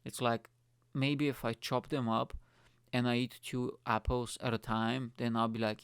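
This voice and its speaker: A man's voice: mid-range voice, flat delivery, normal speed, smooth, no room sound. A young man from Bulgaria, rambling through a casual solo podcast monologue, swearing freely and saying "mate" constantly. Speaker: comedian and podcast host.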